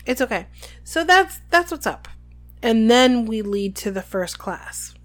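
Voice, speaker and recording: A woman co-hosts a relaxed podcast about a book and reads passages aloud between comments. Her voice sits fairly high. She talks in a chatty, easygoing way. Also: a little slow. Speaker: podcast co-host. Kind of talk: casual book discussion.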